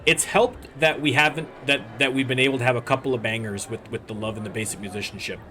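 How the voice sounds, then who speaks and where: A man's voice: mid-range voice, fairly even intonation, fast talker, sharp tone, a little hiss or hum. A young Canadian man hosting a casual let's-play, rambling and joking as he plays. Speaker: gaming channel host.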